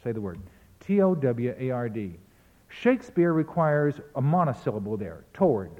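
A man's voice: mid-range voice, big pitch swings, moderate pace, big-room sound, lo-fi sound. A man giving a spoken lecture in a precise, pedantic manner, often correcting himself mid-sentence. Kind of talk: spoken lecture on recordings and verse.

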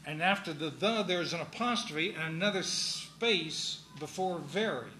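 A man giving a classroom lecture, speaking in a halting, deliberate way with many pauses, ums and restarts. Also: a little high, pushed and bright, roomy sound, a little hiss or hum, low-quality recording. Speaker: lecturer on Shakespeare's verse.

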